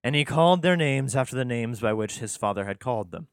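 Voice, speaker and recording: Man reading scripture, sarcastic and crude, middle-pitched voice, dry close sound. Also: lively intonation, fast talker, smooth, no echo. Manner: sarcastic, profane, exasperated asides. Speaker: host reading scripture with commentary. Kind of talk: irreverent comic commentary.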